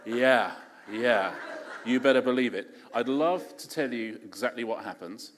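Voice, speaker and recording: A man's voice: mid-range voice, measured pace. Jokey English man in an echoey hall. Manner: chatty, self-deprecating, jokey. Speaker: author guest. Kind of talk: casual onstage conversation. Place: large festival hall on stage. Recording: echoey hall, faint background noise.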